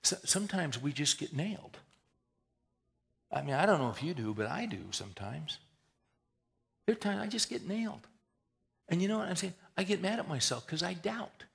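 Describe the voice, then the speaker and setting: A man preaching a sermon in a folksy, conversational way, rising to emphatic swells and dropping to hushed prayer. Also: high voice, lively intonation, normal speed, gravelly, long pauses. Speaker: pastor.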